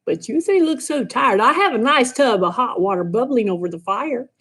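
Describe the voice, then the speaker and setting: A woman's voice: fairly high pitch, expressive, normal speed, a bit bright, slightly rough, heavily acted. A woman voicing a sly, hungry male wolf who sweet-talks with an oily, menacing manner in a storybook reading. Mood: scheming.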